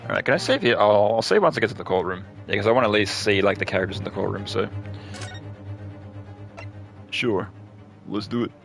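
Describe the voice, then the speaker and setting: Gravelly low-voiced man streaming. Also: a little fast, pauses often. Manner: relaxed, swears casually. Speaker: game streamer. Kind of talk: casual let's play chat. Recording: game music behind.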